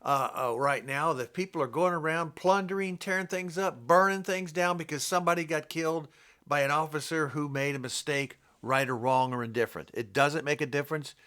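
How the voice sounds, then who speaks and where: An older man preaches off the cuff in a rambling, scolding monologue. His voice sits a bit high for a man and has a sharp, forceful edge. He jumps from point to point without notes. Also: brisk, clean tone. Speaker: Bible teacher.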